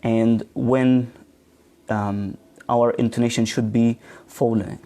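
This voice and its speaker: A man leads a live online lesson on pronunciation, reading viewer comments aloud as he goes. He talks slowly, pausing often with ums and false starts. His voice is mellow and dark. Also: mid-range voice, steady tone. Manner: slow, with frequent ums and restarts, reads out viewer comments. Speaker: English teacher trainer. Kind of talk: live online teaching session.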